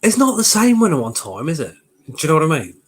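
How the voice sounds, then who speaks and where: A chatty man, his voice sitting a little high for a man. He hosts a relaxed live stream from his home kitchen, greeting viewers by name. He is still getting over a cold. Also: fast talker, husky. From Coventry, England. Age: 40s. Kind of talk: casual live-stream chat.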